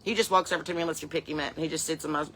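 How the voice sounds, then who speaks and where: A woman doing a sassy, chain-smoking middle-aged mom from the hills, with a twang. Her voice is bright and forceful, and she rambles on in folksy, cheeky asides. It is a comedy character monologue. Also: low voice, fairly even intonation, rapid-fire. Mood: rambling.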